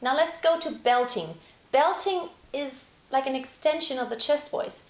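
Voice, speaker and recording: A young woman giving a singing lesson, explaining calmly and then breaking into sung and shouted demonstrations. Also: high-pitched, unhurried. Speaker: singing teacher. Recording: roomy echo.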